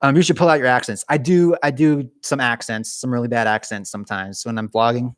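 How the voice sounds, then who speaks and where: A man's voice: mid-range voice, fairly even intonation, fairly quick, no room sound, studio quality. A young man hosting a casual live stream, chatting animatedly with viewers and often restarting his sentences. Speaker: YouTube gaming channel host.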